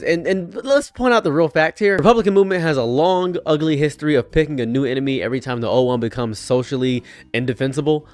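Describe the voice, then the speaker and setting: A man giving an unscripted commentary rant, heated and repetitive, swinging between loud outbursts and quiet mutters. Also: mid-range voice. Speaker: online commentator.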